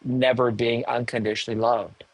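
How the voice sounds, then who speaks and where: A man in his sixties, a podcast guest, telling a personal story candidly, emotional and animated with self-mocking asides. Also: mid-range voice, moderate pace, dry recording, rough recording. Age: 60s. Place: home in the hills above a large city.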